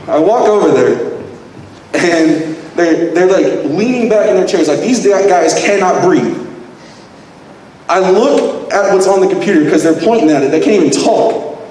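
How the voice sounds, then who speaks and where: A man's voice: high voice, a little slow. Profane young man telling a stand-up story. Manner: animated, profane, self-mocking. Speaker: open mic comedian. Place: large convention hall with live audience. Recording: echoey hall, distant mic, noisy.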